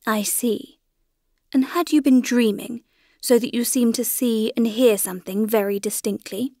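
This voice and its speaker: A woman voicing a kind, calm older male doctor in an audiobook, speaking gently and soothingly. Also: fairly high pitch, a little slow, no echo, clean studio sound. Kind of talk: audiobook character reading.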